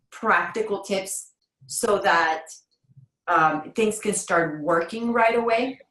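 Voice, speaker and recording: A woman parenting coach on a call, explaining tasks step by step in a calm, encouraging way. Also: lowish voice, echoey room, low-quality recording. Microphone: video or phone call.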